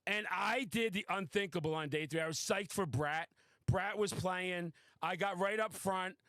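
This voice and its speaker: A man hosting a podcast, telling a wild story in a casual, excitable, boastful way and swearing freely. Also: high-pitched, moderate pace, dry recording. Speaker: podcast host. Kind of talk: casual chat.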